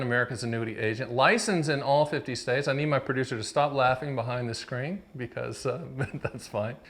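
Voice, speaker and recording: A man in his fifties talks straight to camera in a casual explainer, his voice pitched a little above the usual male range. He jokes and teases his producer, wanders into tangents and then snaps back to the point. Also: fairly bright tone. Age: 50s. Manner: joking, chatty, teasing his producer, frequent digressions. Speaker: annuity agent hosting his own video series.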